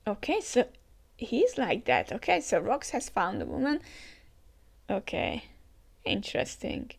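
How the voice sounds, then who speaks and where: A woman's voice: on the high side, wildly swooping pitch, a little slow, vocal fry, husky. A woman hosting a comic reaction, reading the chapter aloud with chatty comments and frequent laughs. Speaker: manga reaction host.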